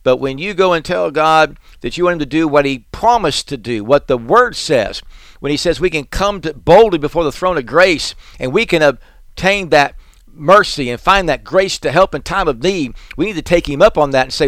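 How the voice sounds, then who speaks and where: A man preaching a sermon, reading scripture slowly and breaking into raised, pleading outbursts. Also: fairly high pitch, expressive, a bit bright, no echo. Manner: reads scripture slowly and deliberately.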